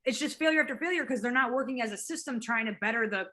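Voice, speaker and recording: A woman, a physical therapist, chatting as an interview guest, animated and quick to act out quotes and laugh. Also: a little high. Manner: animated storyteller, acts out quotes, laughs often, swears casually. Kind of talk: casual interview chat.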